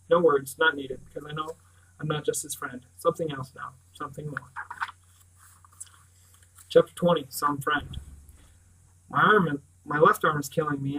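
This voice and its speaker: Brief: male reader, first-person novel, measured and quiet. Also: on the high side, breathy edge, low-quality recording. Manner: measured, often sinking to a hushed, intimate tone. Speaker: audiobook reader.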